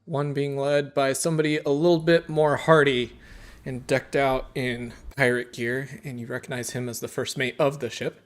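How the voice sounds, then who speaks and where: A man narrating as dungeon master, lively and quick to laugh. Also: mid-range voice. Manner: laughing often, animated narration. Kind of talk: narrating a tabletop game.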